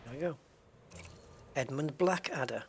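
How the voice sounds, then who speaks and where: A man's voice: on the high side, a little slow, vocal fry, husky. A middle-aged man streaming a game, chatting casually with viewers, rambling and chuckling as he goes. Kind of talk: casual live-stream chat while playing.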